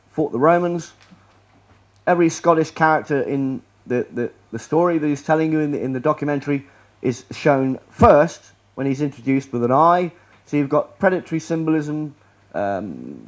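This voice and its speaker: Guy ranting through a slideshow talk, bit higher voice, keeps tripping over his words. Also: highs cut off. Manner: rambling, sarcastic, restarts mid-sentence. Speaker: public speaker. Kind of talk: presentation to a live audience. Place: lecture room.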